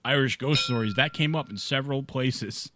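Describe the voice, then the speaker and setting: A man's voice: mid-range voice, noisy background. A man co-hosting a podcast, chatting and telling a ghost story while drinking, on a mic with a foam windscreen. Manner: chatty, laughing, drawn-out storytelling. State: drinking beer. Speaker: podcast co-host. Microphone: studio mic with foam windscreen.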